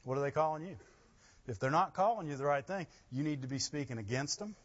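A man preaching a sermon, rising to loud emphasis with laughing asides. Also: a little high, animated, fast, dull audio. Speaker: pastor.

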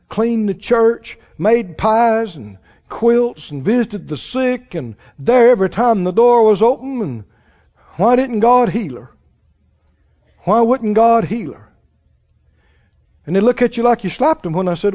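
A man's voice: high voice, very animated, measured pace, warm tone. A man preaching a sermon in a folksy, emphatic way, acting out the people he quotes. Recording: dull sound with long hall reverb.

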